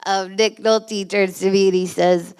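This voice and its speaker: A woman's voice: mid-range voice, fairly even intonation, unhurried, a little mellow, clean tone. A woman telling a comic story on stage, rambling and giggling through it. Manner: rambling and giggly, full of restarts. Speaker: storyteller guest. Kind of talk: live comedic storytelling.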